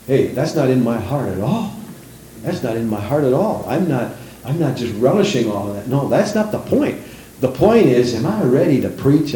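A middle-aged man preaches in a very echoey church, his pitch swinging up and down as he drives each point home. His tone is mellow and dark, and he takes on other people's voices when he quotes them. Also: far from the mic, slight background noise. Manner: animated preaching, acting out quoted voices, rising emphasis. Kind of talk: sermon. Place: church sanctuary.

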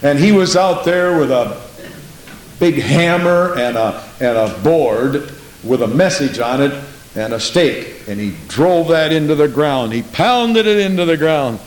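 A man's voice: lively intonation, measured pace. Preacher man in a very echoey room. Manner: emphatic, repeats "Praise the Lord", big pitch swings. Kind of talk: sermon with storytelling. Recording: very echoey room with faint hiss.

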